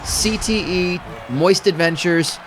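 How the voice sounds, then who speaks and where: A man's voice: sits high, slow, a bit bright, a little hiss or hum. A man calling simulated football games for a stream, rambling and correcting himself as he goes, with dry humor and music playing behind. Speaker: play-by-play commentator. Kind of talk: simulated game commentary over a stream.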